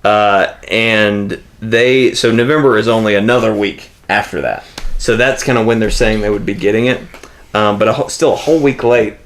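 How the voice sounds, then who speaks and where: A man's voice: on the low side, steady tone, moderate pace. A man hosting a casual gaming podcast, chatting in a rambling way and laughing often. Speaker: podcast host.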